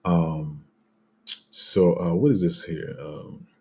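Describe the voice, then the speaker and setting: A man with a deep, husky voice talks casually to his viewers. His delivery is loose and rambling, with many fillers and restarts, and his phrasing is blunt and street-casual. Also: fairly even intonation, takes it slowly, darkish tone. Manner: rambling, loses his place, heavy fillers. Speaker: crypto channel host. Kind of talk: casual unscripted commentary.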